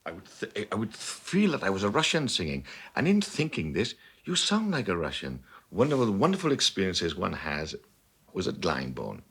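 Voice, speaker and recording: A man's voice: low-pitched, normal speed, slight background noise. An older man with a Welsh accent, an opera singer reminiscing expansively and emphatically in an interview. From Wales. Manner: expansive and emphatic, lively storyteller. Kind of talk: reflective interview talk.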